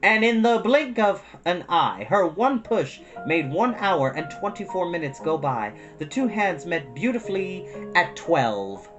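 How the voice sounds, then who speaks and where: A woman storyteller reading a children's book aloud with an expressive, lively delivery. Her voice sits low but swings widely as she narrates. Guitar music plays clearly behind her. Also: a little slow, hardly any pauses, lo-fi sound. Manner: expressive, addresses young listeners.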